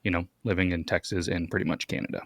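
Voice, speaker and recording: A man's voice: low voice, steady tone, quick pace, creaky, a bit bright, no room sound. A man co-hosting a podcast in casual chat, who laughs easily and reads facts aloud in a dry way. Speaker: podcast co-host.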